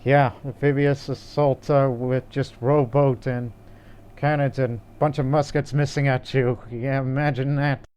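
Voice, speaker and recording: A man's voice: mid-range voice, level tone, measured pace, a little mellow, clean tone. A man co-hosting a casual gaming podcast, rambling with fillers and restarts. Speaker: podcast co-host.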